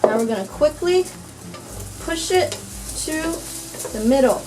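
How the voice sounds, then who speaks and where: A woman's voice: high-pitched, lively intonation, a little slow, poor audio. A young woman giving a casual cooking tutorial in her home kitchen, chatty, crude and swearing freely, easily grossed out. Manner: easily disgusted, grumbling. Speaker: cooking vlogger.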